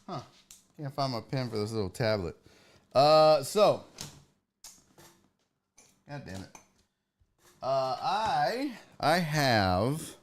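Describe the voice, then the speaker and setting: A man's voice: mid-range voice, takes it slowly, pauses often. A middle-aged man hosting a sports talk show, telling a story in a casual, rambling way, cursing and exasperated. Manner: profane, exasperated, animated.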